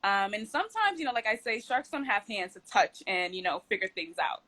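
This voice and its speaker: A woman's voice: medium pitch, sing-song, a little fast, sharp tone. A woman chatting casually as a guest, with many fillers and frequent laughs. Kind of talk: casual chat.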